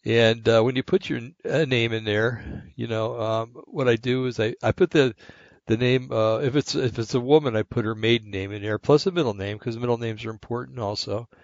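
A man's voice: mid-range voice, steady tone, brisk, dry recording. Short-of-breath man with a shaky voice. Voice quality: slightly shaky voice. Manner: meandering, many fillers and asides. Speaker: podcast host. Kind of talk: rambling casual monologue. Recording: dull, lo-fi and dry.

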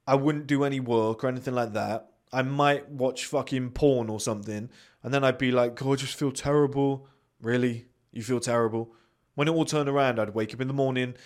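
Blunt, sweary man. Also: mid-range voice. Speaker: podcast host. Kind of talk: blunt motivational monologue.

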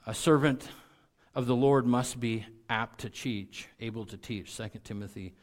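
A man preaching a sermon in an average-pitched voice, earnest and conversational, often restarting and repeating words. He swells to loud, emphatic peaks on key points, then sinks low and quiet as he cites chapter and verse. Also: normal speed. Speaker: pastor.

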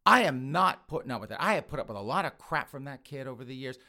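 A man voicing an exasperated middle-aged mother who grumbles and complains in a lower, quieter voice. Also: animated, rapid-fire. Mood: fed up.

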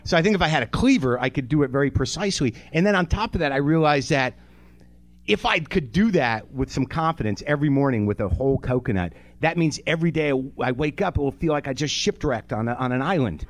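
In a fairly high voice, this man talks quickly and with lots of animation while hosting a live comedy show. His theater-stage stand-up is a profane rant that pokes fun at himself, delivered directly to the crowd.

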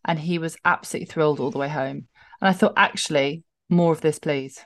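A middle-aged woman co-hosting a casual chat, animated and laughing as she tells stories. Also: deep voice, fast talker, no room sound, clean studio sound. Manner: chatty, laughing, animated storytelling. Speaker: podcast co-host.

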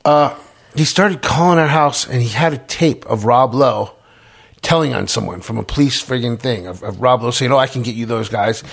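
A man's voice: mid-range voice, normal speed. A middle-aged man telling his story in a casual interview, stumbling over repeated words and restarts. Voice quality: gravelly, husky, many repeated words and restarts.

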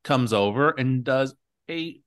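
A man hosting a casual podcast chat, talking at an ordinary pitch. He rambles cheerfully and fills gaps with frequent fillers and restarts. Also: slow, a bit bright. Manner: chatty, rambling with many fillers. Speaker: podcast host.

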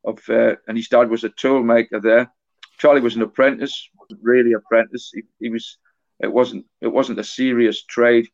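Halting man, flat voice, dull recording. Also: medium pitch, creaky. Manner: halting, often repeats words and restarts. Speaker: author guest. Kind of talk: conversational storytelling interview.

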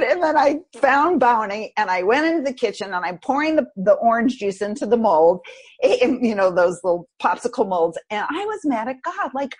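A woman guest on a podcast, telling a personal story in an animated, expressive way. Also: on the high side, normal speed, slightly rough.

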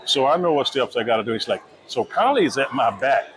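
A man's voice: mid-range voice, big pitch swings, brisk, poor audio. A man working as a nightclub head of security, telling stories casually and acting out dialogue in raised voices. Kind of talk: casual storytelling in an interview. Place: busy restaurant. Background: crowd chatter.

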